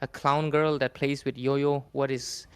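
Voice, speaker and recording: A man commentating an esports tournament draft live, relaxed and joking as he talks through the bans. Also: mid-range voice, measured pace, smooth. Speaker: esports caster.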